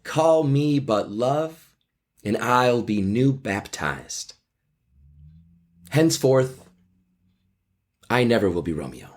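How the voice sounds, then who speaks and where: A man voicing a bold, devoted young male lover, declaiming old verse with slow emphasis. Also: medium pitch, lively intonation, a little mellow, voice pushed up. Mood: ardent.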